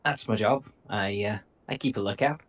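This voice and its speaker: A man's voice: on the low side, fairly bright tone. A man doing a drawling cowboy lookout. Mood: watchful. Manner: slow, drawling and watchful.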